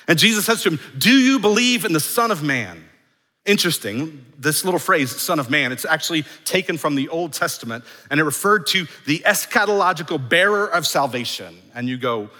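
A male pastor preaches with a bright, forceful voice pitched a little high. His delivery is emphatic, stacking repeated phrases that swell in volume. The sound rings with the long reverb of a large church sanctuary. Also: lively intonation, normal speed. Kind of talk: sermon.

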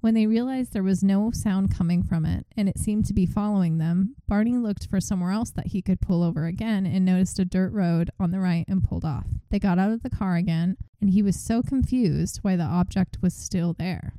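A woman's voice: mid-range voice, brisk, hardly any pauses, no room sound, low-quality recording. A woman podcast host casually retelling a story and acting out its quotes. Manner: animated retelling, reenacts quotes.

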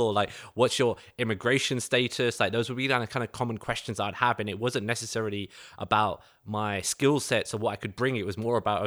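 A man's voice: fairly low pitch, fairly even intonation, fast talker, a bit bright. A man from East London with a Cockney accent, chatting casually and telling stories about moving abroad. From East London, England. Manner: chatty, storytelling, laughs easily. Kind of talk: casual conversation.

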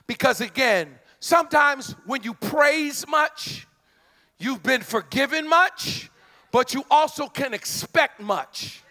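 A male preacher delivering a sermon, conversational and emphatic, hollering at peaks and dropping into quick asides. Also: very high-pitched, lively intonation, sharp tone.

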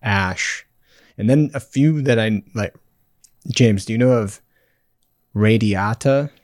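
A man co-hosting a podcast, laid-back and rambling in casual chat, trailing off softly at the end of his phrases. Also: fairly low pitch, slow, no room sound, studio quality. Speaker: podcast co-host.

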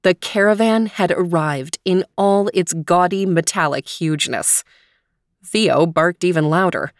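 A woman host narrating a children's story in a gentle, expressive voice. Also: fairly low pitch, a little slow, no echo, studio quality.

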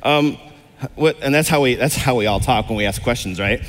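Speaking at a brisk clip in a medium-pitched voice, a middle-aged pastor delivers a relaxed sermon before a congregation in a church hall. He rambles and chats, full of fillers and restarts, keeps questioning the audience, and the room leaves a long reverb tail.

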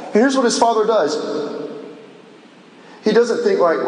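A man's voice: sits high, expressive, a little slow. A man preaching a sermon, impassioned and building with repetition. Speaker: pastor. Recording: echoey large hall.

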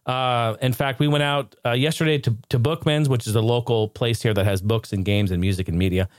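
A man hosting a casual live stream, excitable and ranting one moment, joking the next. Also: mid-range voice, a little fast, no room sound, studio quality. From United States. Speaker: streamer and show host.

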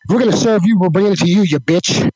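Guy with a high voice firing off threats real fast on a prank call. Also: a little mellow, no echo, rough recording.

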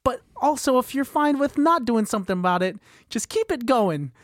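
A man's voice: extremely high pitch, big pitch swings, moderate pace, dry recording, studio quality. A young man co-hosting a podcast, joking and rambling in casual chat. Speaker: podcast co-host.

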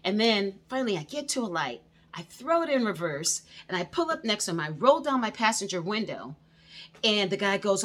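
A woman hosting a show, telling a personal story in a lively way, her voice climbing and getting louder when she quotes herself. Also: mid-range voice, moderate pace. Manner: animated, rising and loud when quoting herself. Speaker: host. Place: indoor studio under hot lights.

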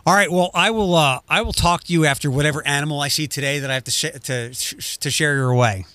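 A man's voice: a little high, fast, bright, forceful tone, no echo. A man, a radio host, chatting casually and restarting his sentences with fillers. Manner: chatty, self-interrupting with fillers. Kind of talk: casual chat.

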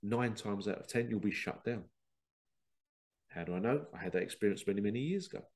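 A man's voice: fairly low pitch, animated, fairly quick, a little mellow. A man hosting a spiritual self-help podcast, talking emphatically and slipping into voices of other people. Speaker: podcast host.

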